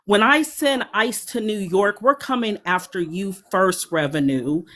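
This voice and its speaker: A woman's voice: medium pitch, measured pace, fairly bright tone. A woman heckling and taunting others in a live panel, bossy and mocking. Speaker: panel guest. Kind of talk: heckling banter.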